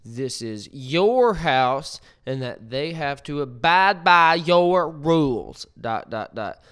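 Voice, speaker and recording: A man's voice: fairly high pitch, big pitch swings, slow pace, a bit bright, clean tone, heavily acted. A man reading out a woman's online post about harsh dog training in a slightly raised imitation voice. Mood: blunt. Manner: blunt, self-assured reading of an online post.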